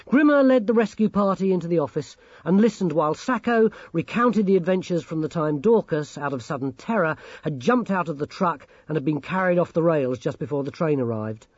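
A man narrating an audiobook in a measured, expressive way. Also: fairly high pitch, dry recording. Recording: dull, dry recording.

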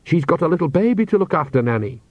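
A man reading aloud and voicing an earnest young witch woman with a brisk, reproachful manner. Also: fairly high pitch, very animated, dry recording, pitched above the performer's own voice.

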